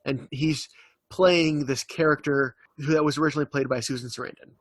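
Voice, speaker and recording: A man's voice: on the high side, fairly even intonation, brisk, no room sound. A young man co-hosting a podcast, rambling through a retelling with lots of fillers in casual chat. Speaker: podcast co-host.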